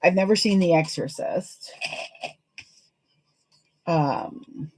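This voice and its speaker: A woman with a somewhat low voice chats on a sewing livestream. She rambles from one thought to the next and laughs often as she works. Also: drawn-out words, darkish tone, breathy edge, poor audio. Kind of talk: casual chat while sewing live.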